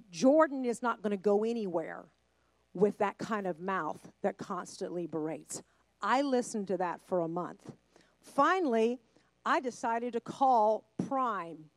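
A woman's voice: medium pitch, dry recording. Middle-aged woman preaching with storytelling passion. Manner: storytelling, acting out dialogue, rising to passionate emphasis. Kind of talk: sermon storytelling.

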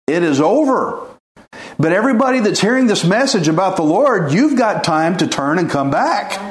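A man preaching an informal sermon, earnest and pleading, with folksy chuckles. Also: high-pitched. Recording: echoey room.

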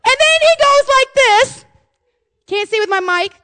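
A middle-aged woman pastor preaching a lively, folksy sermon, swinging from hushed asides to shouted excitement. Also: extremely high pitch, unhurried, dry recording. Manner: folksy, says "y'all" and "man".

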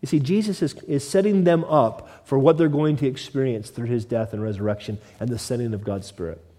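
A man's voice: medium pitch, fairly quick, warm tone, in a large hall. A male pastor preaching a conversational sermon, slipping into mock voices of his listeners.

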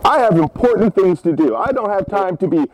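A man's voice: high voice, lively intonation, brisk, a little mellow. A man on a prank phone call, putting on a hard-of-hearing grandfather in his seventies who rambles and demands respect. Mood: huffy. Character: cranky hard-of-hearing 73-year-old grandfather.

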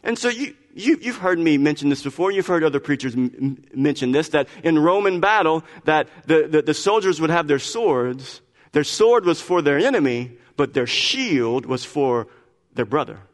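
Male pastor, sermon delivery, emphatic and repetitive, slightly high voice, reverberant church hall. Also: expressive, normal speed. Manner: emphatic, repeats phrases, stammers on restarts. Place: church sanctuary.

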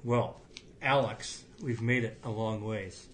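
A man's voice: fairly low pitch, fairly even intonation, slow, slight background noise. A man hosting a podcast, chatting casually and animatedly with lots of fillers. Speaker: podcast host.

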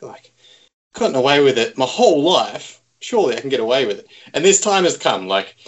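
A man, telling a long self-mocking story in casual chat, rambling and laughing often. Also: medium pitch. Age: 30s.

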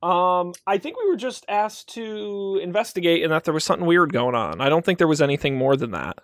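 A male tabletop player with a high, lively voice that swings up and down as he chats. The sound is dry and close, with no room around it. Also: fairly quick, dry recording. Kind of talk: casual tabletop game chat.

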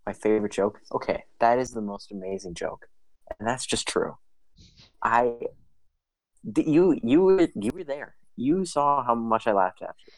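A man in a casual podcast chat who pushes back with plain, matter-of-fact arguments. His voice sits at a middle pitch. It is recorded close and dry. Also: lively intonation, moderate pace, dry recording, low-quality recording. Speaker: podcast co-host.

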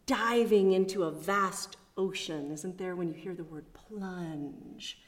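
A woman preaching a sermon at a chapel, measured and reflective, with personal asides. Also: on the low side.

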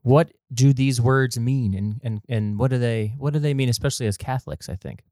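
Measured man hosting, dry sound. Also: medium pitch, dry recording. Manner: measured, gently humorous, says yes often. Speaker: podcast host, religious brother. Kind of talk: casual chat, hosting.

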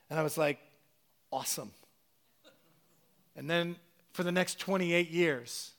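A middle-aged man preaching a sermon, animated and telling a personal story with acted-out quotes. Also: a little high.

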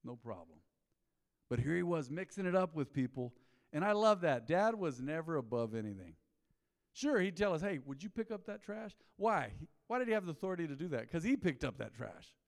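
A middle-aged man preaching a sermon, telling folksy stories and peppering his talk with "man". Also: medium pitch. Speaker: pastor. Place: church sanctuary. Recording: long reverb of a church hall.

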